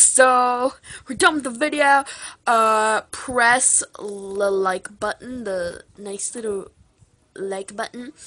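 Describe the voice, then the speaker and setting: A woman's voice: medium pitch, fairly bright tone. A teenage girl chatting playfully and rambling through a toy skit outro in a put-on accent. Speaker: toy skit video maker. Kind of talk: casual playful outro chat.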